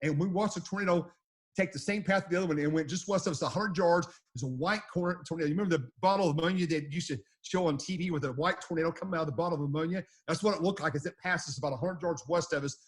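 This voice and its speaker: Husky storm chaser telling stories. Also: male voice, a little high, racing. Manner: rambling, repeats phrases. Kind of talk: casual storytelling.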